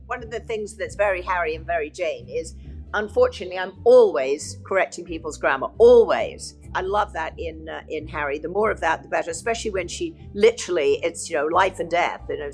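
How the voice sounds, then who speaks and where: A woman's voice: lowish voice, quick pace, faint music behind. An actress from England talking enthusiastically about her lead role in a cast interview. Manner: enthusiastic, animated storytelling. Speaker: lead actor.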